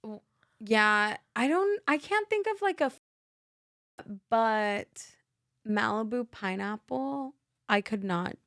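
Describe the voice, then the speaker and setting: A woman's voice: a little high, animated, takes it slowly, pauses often, fairly bright tone, dry recording, clean studio sound. A woman co-hosting a podcast in casual chat, giggly and blunt, swearing now and then. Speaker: podcast co-host.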